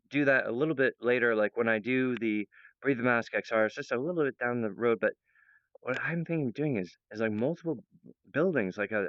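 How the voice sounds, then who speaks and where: A man speaks to his audience in a wandering, earnest monologue, full of fillers and restarts. His voice is smooth and resonant at an ordinary pitch. The recording is dry and somewhat dull. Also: no echo. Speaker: presenter of his own project. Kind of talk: rambling monologue to viewers.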